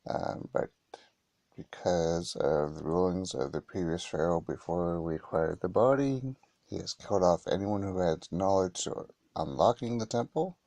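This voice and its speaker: A man hosting a mobile gaming channel, giving relaxed gameplay commentary and reading game text aloud with hesitant restarts. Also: sits low, normal speed, dry recording.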